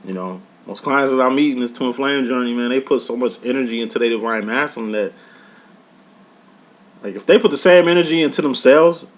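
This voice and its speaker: A man speaks in a middle-pitched, everyday voice as he reads tarot cards for his audience. His delivery is blunt and profane, and he lectures the listener with tough love in a loose, conversational monologue. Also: brisk. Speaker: tarot reader and life coach. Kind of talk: casual tarot reading monologue.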